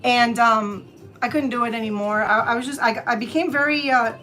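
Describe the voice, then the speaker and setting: A woman's voice: a little high, steady tone, fairly quick, bright, forceful tone, soft background music. A woman in her fifties from Florida hosting a live-stream gift-wrapping tutorial, chatty and wandering off track as she talks to her viewers. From Tampa area, Florida, US. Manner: chatty and digressive, often addresses viewers as y'all. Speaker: craft channel host.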